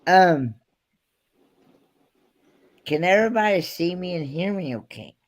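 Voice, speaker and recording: A man chatting casually on a livestream from a hotel room, halting and repeating himself. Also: sits high, expressive. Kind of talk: casual chat.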